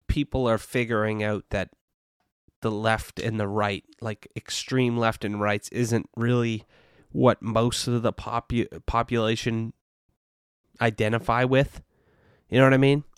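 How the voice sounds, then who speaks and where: A man hosting a solo podcast, rambling in a casual, profane, animated way into a podcast microphone. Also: medium pitch, unhurried, clean tone, no room sound, studio quality. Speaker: podcast host.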